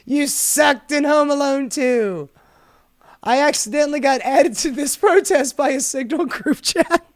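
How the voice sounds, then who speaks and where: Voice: sits high, unhurried. A host giving casual commentary while reading protest signs aloud, sassy and profane, laughing often.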